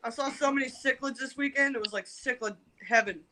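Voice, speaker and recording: A woman on a group video call, chatting casually and excitedly about her fish tanks. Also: sits high, fairly quick, slight background noise. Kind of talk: casual chat.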